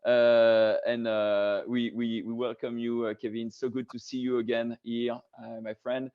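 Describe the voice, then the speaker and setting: A man's voice: medium pitch, little pitch movement, measured pace. Guy hosting a wine tasting over video call, lots of uhs and ums, muffled lo-fi sound. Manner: hesitant, many fillers and restarts. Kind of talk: casual hosted tasting talk. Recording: dull lo-fi video call audio.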